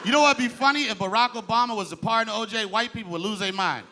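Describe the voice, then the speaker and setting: A male stand-up comedian performing on stage with a loud, animated delivery that breaks into shouts. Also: sits high, quick pace. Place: live comedy stage before an audience. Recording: live audience laughter and room noise.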